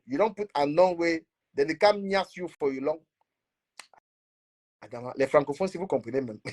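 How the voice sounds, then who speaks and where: A Cameroonian man, a blogger, scolding in animated Pidgin English and switching into French. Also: on the high side. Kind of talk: ranting commentary.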